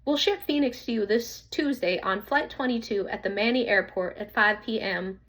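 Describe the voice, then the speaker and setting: A polite Southern shop receptionist, put on by a woman reading a storybook, taking an order in a light accent. The voice climbs well above the narrator's own and stays brisk and businesslike. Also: fairly high pitch, a bit bright, pitched above the performer's own voice, natural voice.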